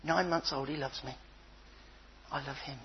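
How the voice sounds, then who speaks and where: An older man preaching a sermon, telling stories with playful voices and a husky tone. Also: medium pitch, moderate pace, lo-fi sound, slight background noise. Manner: animated storytelling with playful voices.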